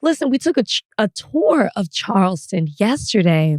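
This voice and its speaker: A woman's voice: mid-range voice, normal speed, dry recording, studio quality. A woman co-hosting a podcast, telling a story in casual chat with frequent laughter. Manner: animated storyteller, laughs often. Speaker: podcast co-host.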